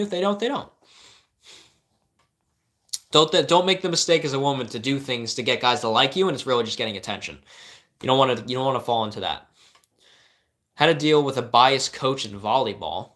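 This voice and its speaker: A man's voice: medium pitch, fairly quick, long pauses, a bit bright. A young man, a life coach, giving casual live-stream advice to viewers, earnest and rambling with many restarts.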